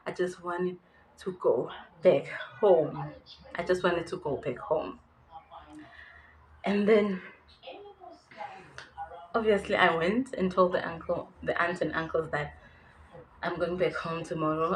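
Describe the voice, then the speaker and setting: A young South African woman, a YouTuber with a South African accent, candidly shares a personal story with her viewers in a storytime vlog, laughing nervously now and then. Her voice is fairly low and a little slow, with frequent pauses. The recording is low quality, with slight background noise.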